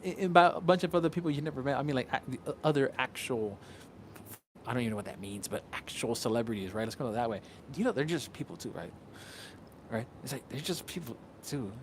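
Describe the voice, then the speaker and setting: A man's voice: mid-range voice, expressive, quick pace. A man from Puerto Rico talks casually on a livestream. He rambles, repeats words, restarts often and swears freely. A faint hum of ambience sits behind his voice. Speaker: content creator.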